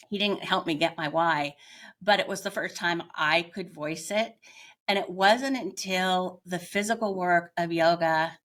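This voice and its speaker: An older woman speaks in a slightly low voice as a guest on an interview. She tells her personal story in a candid, reflective way and often pauses to search for the right words. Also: a bit bright. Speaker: guest, yoga teacher.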